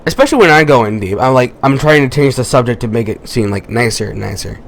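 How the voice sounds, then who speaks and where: A man reading a visual novel aloud with commentary, haltingly, stumbling and restarting on words. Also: medium pitch, animated, creaky. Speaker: gaming YouTuber.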